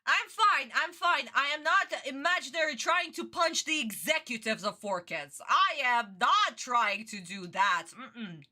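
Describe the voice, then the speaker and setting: A woman streamer giving excitable, foul-mouthed reaction commentary on a cartoon, talking close into her own microphone from bed. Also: high-pitched, measured pace, hardly any pauses. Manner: excitable, swears freely, exaggerated outrage. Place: in bed at home. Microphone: own desk microphone, close.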